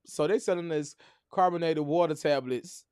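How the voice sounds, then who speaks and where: A man's voice: on the high side, normal speed, a little mellow, clear, resonant tone, dry recording, clean studio sound. A man hosting a casual chat show, joking and teasing his co-host. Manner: playful, teasing banter.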